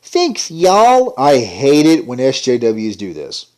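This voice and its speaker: A man's voice: medium pitch, lively intonation, measured pace, dark tone. A man giving an indignant, sarcastic ranting commentary. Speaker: commentary vlogger.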